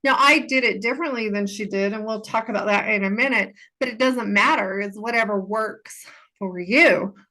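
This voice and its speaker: A woman's voice: mid-range voice, normal speed, bright, forceful tone. A woman hosting a solo podcast, talking earnestly and casually about healing, repeating phrases for emphasis. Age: adult. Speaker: podcast host and healing coach.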